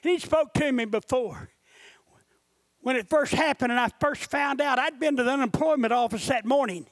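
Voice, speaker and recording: A man preaching a sermon, telling his own story and rising into impassioned shouting. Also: very high voice, normal speed, no room sound.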